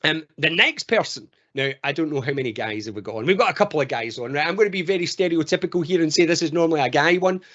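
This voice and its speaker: A Scottish man giving an online training talk as a mental health trainer, telling stories in an animated way. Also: on the high side, fast, hardly any pauses. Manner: animated storyteller. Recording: dull lo-fi call audio.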